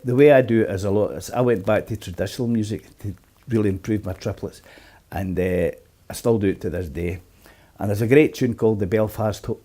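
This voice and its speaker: A man's voice: fairly low pitch, dark tone. A middle-aged man giving a casual guitar lesson at home, chatting loosely and counting beats aloud. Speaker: guitar teacher. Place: apartment. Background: guitar playing.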